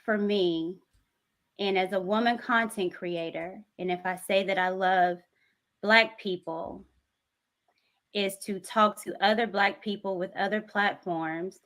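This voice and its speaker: A woman with a Southern US accent, a content creator speaking in a measured, earnest way on a panel discussion. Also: mid-range voice, fairly even intonation, a bit bright.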